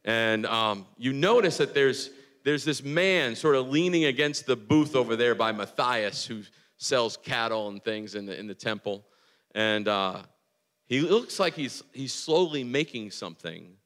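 A man preaching a casual, excitable sermon, telling a story with many restarts and filler words. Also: mid-range voice, unhurried, in a large hall. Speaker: pastor.

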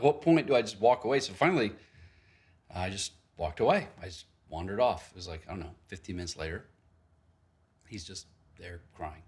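A man's voice: lowish voice, lively intonation, brisk, a little mellow. A male pastor giving a sermon in a conversational, storytelling way, with frequent asides and restarts.

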